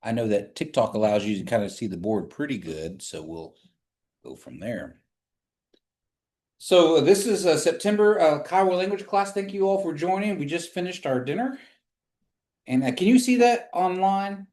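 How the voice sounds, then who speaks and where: A man teaching a language class, slowly drilling words for the class to repeat. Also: on the high side, animated, a little mellow. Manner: patient, slow drilling of words for repetition. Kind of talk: live in-person language lesson. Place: classroom streamed online. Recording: echoey room.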